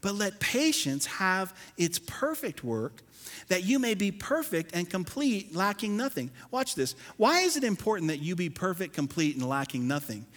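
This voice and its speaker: Animated preacher in a reverberant church. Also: male voice, sits high, normal speed. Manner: animated preaching, swings loud and soft, acts out churchgoers. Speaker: pastor. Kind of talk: sermon. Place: church sanctuary. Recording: long hall reverb.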